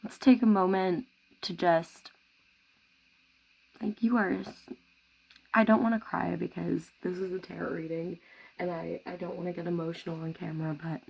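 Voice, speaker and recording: A woman giving a tarot reading to camera at home, speaking softly and reassuringly. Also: lowish voice, steady tone, measured pace, creaky, long pauses, husky, low-quality recording. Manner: soft-spoken, gentle and reassuring. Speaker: tarot reader.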